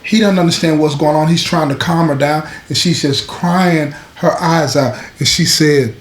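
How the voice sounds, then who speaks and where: A man's voice: a little high, normal speed, echoey room. A man hosting his own show, telling a story in a casual, conversational way with street slang. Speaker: host.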